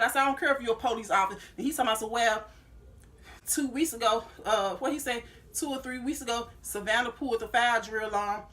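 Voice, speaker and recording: Fast-talking bright woman in her thirties. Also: a little high. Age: 30s. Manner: heated, reenacts her own arguments with lots of "I said". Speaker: vlogger. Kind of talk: storytime vlog.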